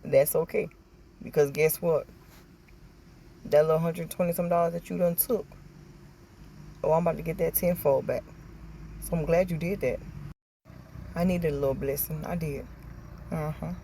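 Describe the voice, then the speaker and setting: A woman with a Southern American accent, telling stories in a chatty, animated vlog and acting out what people said. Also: low voice, normal speed, gravelly, long pauses, a little hiss or hum. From Southern United States. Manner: chatty, animated storytelling with acted-out quotes. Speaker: vlogger. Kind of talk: casual chat.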